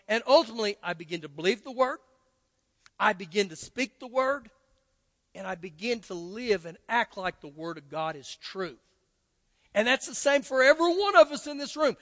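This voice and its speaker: A man's voice: very high voice, bright, forceful tone. An older man with a Texan accent preaching a sermon as pastor, emphatic and repeating key phrases for stress. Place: church sanctuary. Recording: long church hall reverb.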